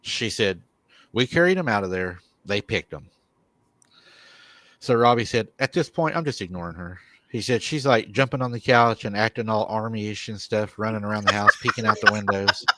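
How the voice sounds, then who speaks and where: A man hosting a live paranormal show, retelling a viewer's encounter in an animated way and chuckling often. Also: lowish voice, normal speed, dry recording.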